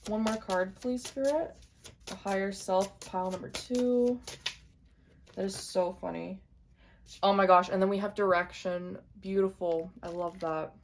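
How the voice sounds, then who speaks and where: A young woman giving an intuitive tarot reading to camera, speaking gently and repeating her points straight to the viewer. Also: mid-range voice, steady tone, measured pace, a little hiss or hum. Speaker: tarot reader.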